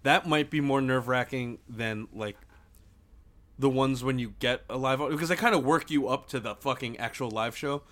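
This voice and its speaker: A young man co-hosting a podcast, telling stories in a profane, excitable casual chat. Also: mid-range voice, normal speed. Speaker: podcast co-host.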